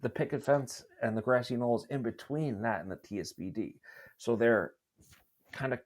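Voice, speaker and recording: A man hosting a podcast, reading testimony from documents aloud and adding commentary, with frequent halts and restarts. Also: medium pitch. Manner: halting, many restarts while reading documents. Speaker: podcast host.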